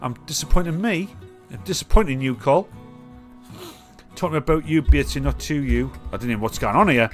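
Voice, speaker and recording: A man's voice: medium pitch, brisk, soft background music. Swearing, rambling young man on a live stream. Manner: swearing, rambling, reads chat comments aloud. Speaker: livestream host. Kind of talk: casual live-stream rant.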